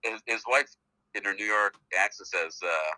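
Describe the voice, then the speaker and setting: Canadian male actor, middle-aged, phone guest; chatty rambler, low-pitched, very bright and tense. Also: moderate pace, dry recording, low-quality recording. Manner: chatty, rambling storyteller with many fillers. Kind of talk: casual phone interview. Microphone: phone call.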